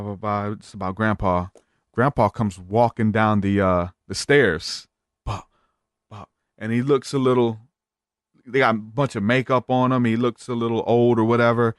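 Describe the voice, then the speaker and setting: A man's voice: fairly low pitch, dry recording, studio quality. A man as a podcast guest, retelling a story in a rambling casual way with many fillers.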